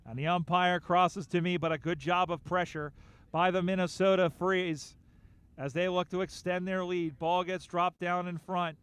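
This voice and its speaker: A man calling a live game as play-by-play commentator, building excitement in quick bursts on the big plays. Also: high voice, clear, resonant tone. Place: outdoor sports field broadcast.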